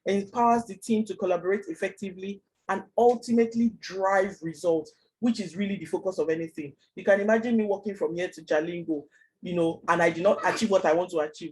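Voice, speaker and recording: A man teaching a Scrum class online, explaining fast and chatty with many fillers. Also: high-pitched, darkish tone, husky, rough recording. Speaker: Scrum trainer.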